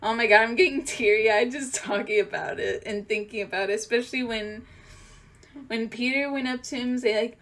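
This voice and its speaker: A young woman telling a rambling, emotional story-time vlog, full of fillers and restarts, swinging from loud excited outbursts to quiet near-tearful talk. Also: fairly high pitch, normal speed. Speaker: vlogger.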